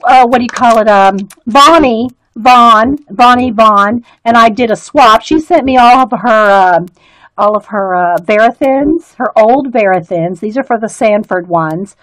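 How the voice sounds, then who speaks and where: Chatty woman craft streamer, highish voice, giggly and rambling, dry close sound. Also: unhurried, fairly bright tone, dry recording, rough recording. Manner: chatty and giggly, with many fillers and restarts. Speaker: art and craft livestream host. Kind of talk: casual live-stream chat, reading viewer comments. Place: home craft studio.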